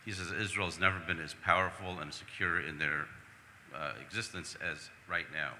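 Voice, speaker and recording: Male questioner, deep and bright-edged, faint noise under a reverberant hall. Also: fairly even intonation. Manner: measured, sets up the question with background. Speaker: audience questioner. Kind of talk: asking a question at a public event.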